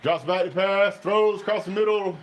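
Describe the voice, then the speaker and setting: Excitable man calling a game. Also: sits high, moderate pace, a little hiss or hum. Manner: excitable, drawling, chatty play-by-play with frequent "man". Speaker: fan channel host watching a game. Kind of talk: live reaction commentary.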